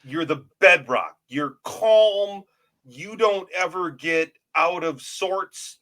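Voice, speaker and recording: A man hosting a casual podcast chat, brash, loud and profane. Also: sits high. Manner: brash, loud, profane, self-described big personality. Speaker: podcast host.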